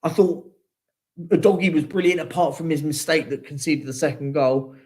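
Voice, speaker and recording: A young man vents on a live football fan show, his voice sitting a little higher than most men's. He hammers the same points again and again, fed up and wound up, and breaks off to sigh between bursts of anger. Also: normal speed, a little mellow. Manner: frustrated, venting, repetitive emphasis. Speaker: football fan channel host. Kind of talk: live post-match reaction rant.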